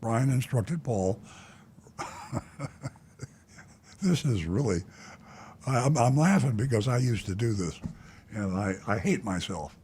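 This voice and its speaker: A man's voice: mid-range voice, expressive, slow, pauses often, darkish tone, slightly rough. An older man hosting a call-in talk show, speaking bluntly and indignantly and rambling with many filler sounds. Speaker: talk show host, car dealer.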